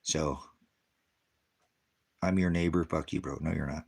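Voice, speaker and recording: Deep-voiced guy ranting at his stream chat, swearing nonstop, combative and dismissive. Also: fairly even intonation, unhurried, creaky, pauses often, a little mellow. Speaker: livestream host of a ministry channel. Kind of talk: profane livestream rant answering chat.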